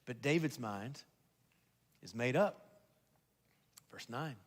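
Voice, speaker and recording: A man preaching a sermon as pastor, swinging between loud emphasis and hushed, quiet stretches. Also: medium pitch, animated, slow pace, in a large hall. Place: church sanctuary.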